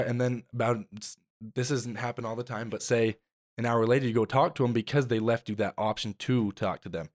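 A man's voice: mid-range voice, fairly even intonation, moderate pace. A teenage boy, a guest on a podcast, talking earnestly in long run-on thoughts. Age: teens. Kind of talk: casual podcast chat.

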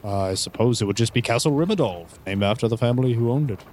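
A man's voice: medium pitch, expressive, fast, darkish tone, a little hiss or hum. A young man running a tabletop role-playing game as game master, narrating and speaking for characters in an easygoing, friendly way with frequent ums.

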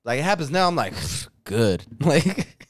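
A man in his thirties co-hosting a podcast, telling animated stories in casual chat with lots of swearing and filler words. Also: fairly high pitch, unhurried, no room sound, studio quality. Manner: animated storytelling, heavy swearing and filler likes. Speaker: podcast co-host.

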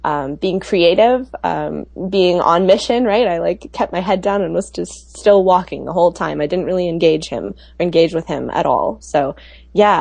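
A woman's voice: on the low side, gravelly, darkish tone, dry recording. A woman telling travel stories in a chatty podcast conversation, with lots of fillers. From United States. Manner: chatty storyteller, many fillers. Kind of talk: casual podcast chat.

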